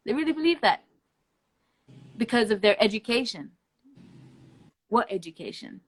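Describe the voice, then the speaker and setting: A woman's voice: fairly high pitch, sing-song, unhurried, pauses often. A woman talking as a guest in a casual live-stream conversation, blunt and emphatic, swearing freely and laughing between points. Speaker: interview guest.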